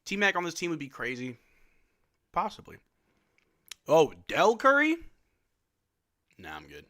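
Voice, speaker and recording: A young man from Louisiana hosting a casual livestream, chatting and answering viewers' questions with quick laughs. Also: mid-range voice, lively intonation, bright, forceful tone. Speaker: livestream host.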